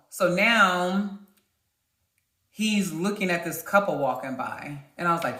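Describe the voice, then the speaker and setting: A woman vlogger telling a dating story in an animated way, talking straight to her viewers. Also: lowish voice, measured pace. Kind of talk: storytime vlog. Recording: roomy echo.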